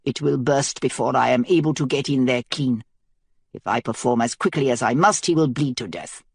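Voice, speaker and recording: A woman voicing a blunt, grim male doctor, speaking low and matter-of-fact. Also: normal speed, gravelly, husky, no echo, clean studio sound. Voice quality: heavy foreign-sounding accent, low and flat.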